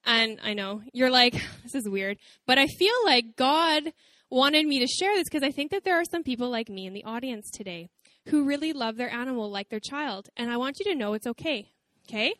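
A woman nearing thirty preaches from a church stage in a bubbly, storytelling way. Her voice sits fairly high and sounds dry and close to the mic. She talks like she's chatting with friends. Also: moderate pace, no echo. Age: 20s. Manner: chatty, animated, laughing storyteller. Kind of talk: casual church sermon intro. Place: church stage before audience.

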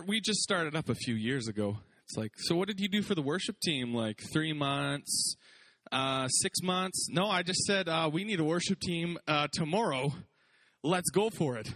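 A man preaching a sermon as pastor, lively and conversational, joking and acting out quotes. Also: a little high.

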